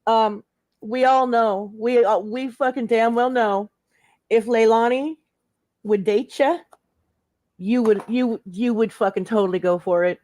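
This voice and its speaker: A woman's voice: on the high side, steady tone, unhurried, a little mellow, no room sound. Chatty woman, slangy and dry-sounding. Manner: chatty, slangy, lots of "like" and "hella". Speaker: panel guest. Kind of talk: casual live-stream chat.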